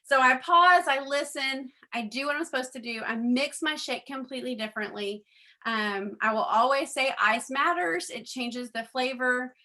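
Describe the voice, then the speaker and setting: A woman's voice: high-pitched, pushed and bright. A middle-aged woman giving a chatty personal testimony to a group, acting out quoted conversations, with frequent ums. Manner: chatty storyteller, acts out quoted dialogue; frequent ums, addresses audience as guys. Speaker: network marketing speaker.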